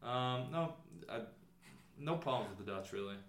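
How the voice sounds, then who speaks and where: A man's voice: medium pitch, expressive, moderate pace, a bit bright. A man co-hosting a casual sports podcast, making dry joking asides. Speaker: podcast co-host. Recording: echoey room.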